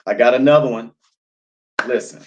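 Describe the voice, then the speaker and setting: A man in his late thirties who talks in a loose, rambling way, repeating words and leaning on fillers as he hosts a casual live stream. His voice sits at an ordinary middle pitch for a man, neither high nor low, and he chats easily between sips of wine. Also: normal speed. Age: 30s. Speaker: live-stream host reading viewer chat. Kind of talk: casual chat while drinking wine.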